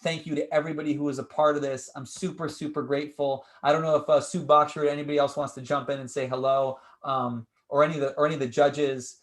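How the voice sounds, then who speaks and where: A man hosting a competition livestream, announcing the results with energetic hype and repeating his phrases, heard over a video call. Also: a little high, fast, few pauses. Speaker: competition host.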